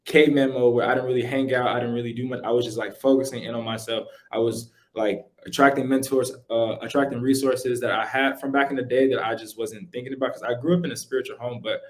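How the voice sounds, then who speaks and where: A young man, a podcast guest, casually telling his story in animated, slangy speech full of "like" and "yo". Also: medium pitch, fast talker, hardly any pauses.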